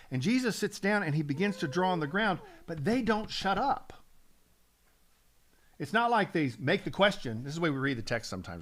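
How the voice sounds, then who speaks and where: A man's voice: on the high side, a bit bright. Earnest man teaching scripture. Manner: earnest, builds up steam, frequent restarts. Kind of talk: Bible teaching on a talk show.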